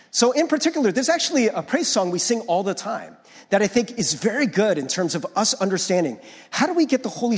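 A man's voice: high-pitched, slightly rough, long reverb tail. A male pastor preaching a conversational sermon, often checking in with the congregation and restarting his words. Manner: restarts and stumbles over words.

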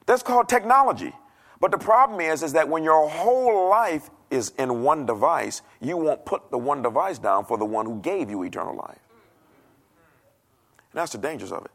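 Gravelly pastor, lively and joking. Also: male voice, on the high side, normal speed. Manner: conversational, joking, acts out quoted voices. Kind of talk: sermon. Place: church stage.

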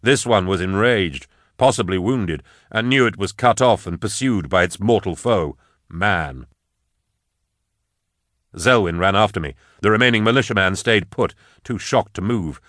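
A man reading a dark first-person fantasy story aloud in a measured, grave storytelling manner. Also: lowish voice, expressive, dry recording, studio quality. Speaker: narrator. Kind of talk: audiobook narration of dark fantasy fiction.

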